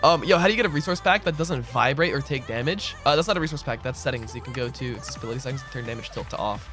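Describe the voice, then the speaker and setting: A man's voice: medium pitch, racing. A man streaming a game, chatting casually and answering his viewers as he plays, often calling them "bro". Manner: relaxed, answers chat aloud, says "bro" a lot. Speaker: streamer and server owner. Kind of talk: casual livestream chatter while gaming. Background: background music.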